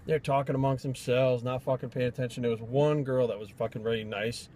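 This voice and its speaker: A man's voice: mid-range voice, fairly even intonation, a little fast, darkish tone, slight background noise. A man from Rhode Island, a fitness trainer, telling stories in a blunt, profane, rambling vlog rant.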